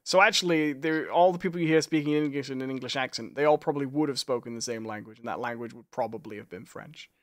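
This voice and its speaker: A man's voice: medium pitch, quick pace, hardly any pauses, fairly bright tone, no echo. Dry-sounding man explaining history. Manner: explains and corrects with historical facts. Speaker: podcast co-host. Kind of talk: casual live chat.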